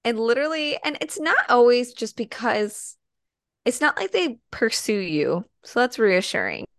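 A woman's voice: fairly high pitch, big pitch swings, measured pace, fairly bright tone, no room sound. A woman from the American Midwest co-hosting a podcast in casual chat, squeamish and full of fillers. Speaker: podcast co-host.

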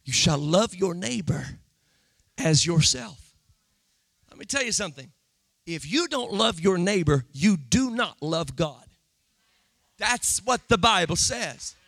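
Male preacher, sermon delivery, very high and piercing, dry close sound. Big shouted stretches, hushed asides. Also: expressive, dry recording. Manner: swings from shouted, drawn-out emphasis to low, quiet asides.

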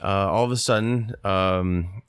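A man casually pitching a silly movie plot on a comedy podcast, rambling with lots of fillers. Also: unhurried, clean tone, no room sound, studio quality. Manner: rambling storyteller with many fillers, briefly mimics characters.

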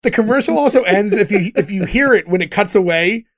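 Guy with a pretty high voice, chatty recap, laughs a lot. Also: expressive, fairly quick. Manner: chatty, laughs often while retelling scenes. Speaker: podcast host recapping a TV episode. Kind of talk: casual chat.

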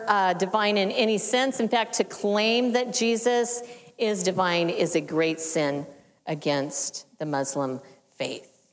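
Woman, church teaching, measured and explanatory, soft falling phrase endings, long hall reverb. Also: medium pitch. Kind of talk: sermon teaching.

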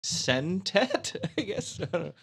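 A man's voice: high-pitched, very animated, unhurried, creaky, a bit bright, slightly rough. A man hosting a casual movie-review chat, laughing often as he recaps the plot.

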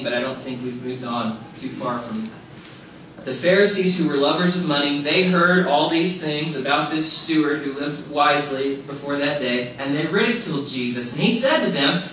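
A man's voice: a little high, sharp tone. A man preaching a sermon, emphatic and casual, repeating his key phrases for stress. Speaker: pastor. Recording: very echoey room, mic far off, faint noise.

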